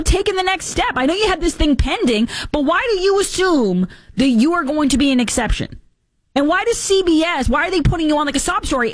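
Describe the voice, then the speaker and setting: Woman host for opinion commentary, animated delivery, sarcastic and pointed, dry close sound. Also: high-pitched, no echo. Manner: emphatic, sarcastic, argumentative.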